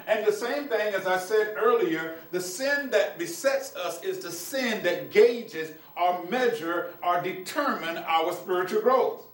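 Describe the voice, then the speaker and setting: A man preaching a sermon, reading scripture slowly and then explaining it. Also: high-pitched, recorded from a distance. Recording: echoey room, mic from afar.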